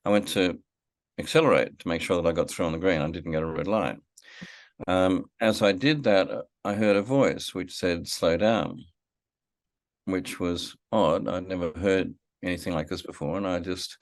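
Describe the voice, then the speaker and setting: Deep-voiced man telling a story. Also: dry recording. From Australia. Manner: reflective, with frequent fillers and restarts. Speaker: filmmaker guest. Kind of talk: storytelling in a podcast interview.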